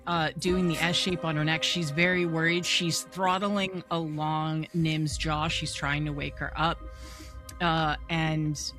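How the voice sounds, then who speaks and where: A game master running a tabletop game, narrating in a lively storytelling way. The voice sits at a middling pitch. Faint music plays underneath.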